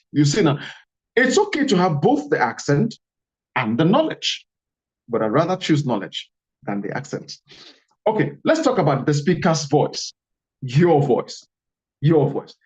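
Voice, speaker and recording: A man's voice: a little high, big pitch swings, a little slow, pauses often. A man giving an online lecture on communication, emphatic and repeating his key phrases. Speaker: communication instructor. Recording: dull lo-fi audio.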